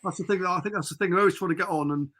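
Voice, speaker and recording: A man's voice: sits high, very fast, a bit bright. A middle-aged man from England, a podcast guest telling rambling stories in casual chat over a remote call. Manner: rambling storyteller, chatty and informal.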